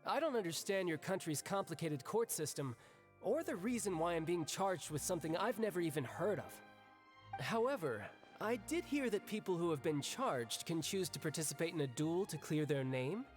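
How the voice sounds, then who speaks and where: A man's voice: on the high side, animated, moderate pace, soft background music, lightly acted. Man voicing a cocky, fight-hungry young warrior. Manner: breezy, cocky.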